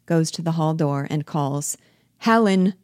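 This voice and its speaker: A woman with a low voice reads a play aloud, speaking the stage directions in a clear, even way. She is recorded close, with a dry sound. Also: a little slow, no echo. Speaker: reader and guide.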